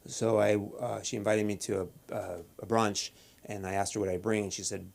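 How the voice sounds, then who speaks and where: A man doing a deadpan stand-up set at an open mic, halting with many restarts and fillers. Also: on the low side, vocal fry. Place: comedy club stage.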